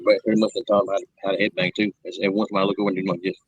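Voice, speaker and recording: A man's voice: low voice, little pitch movement, rapid-fire, slightly rough, dry recording, lo-fi sound. A man hosting a casual chat, rambling and laughing often as he tells stories. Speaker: show host.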